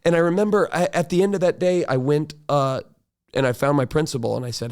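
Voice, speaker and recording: A male teacher telling a classroom story in a reflective, conversational monologue, acting out quoted dialogue and asking "right?" often. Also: fairly quick. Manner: animated, acts out quoted dialogue with rising pitch. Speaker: teacher and podcast host.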